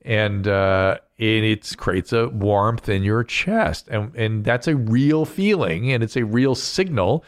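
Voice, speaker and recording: A man's voice: fairly low pitch, slow, hardly any pauses, dry recording. A man hosting a casual podcast chat as a physician, explaining things in a lecturing way. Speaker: host and physician.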